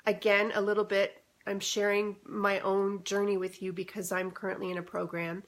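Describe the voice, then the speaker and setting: A woman's voice: medium pitch, little pitch movement, moderate pace, fairly bright tone. A woman talking casually in a live stream as a spiritual coach, reflective and chatty, with many fillers, into a phone or webcam at home.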